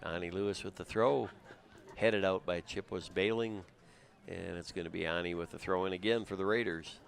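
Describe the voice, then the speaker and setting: A man doing steady, conversational play-by-play for a high school soccer game outdoors. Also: fairly quick, vocal fry. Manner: steady, conversational, with frequent uh fillers. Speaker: play-by-play commentator. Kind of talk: live sports commentary. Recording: crowd noise in the background. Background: crowd noise.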